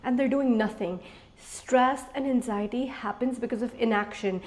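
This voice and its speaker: Woman in her late twenties, vlogger, casual advice talk, frank big-sister manner, fairly high voice. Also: normal speed, darkish tone. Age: 20s. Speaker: lifestyle vlogger.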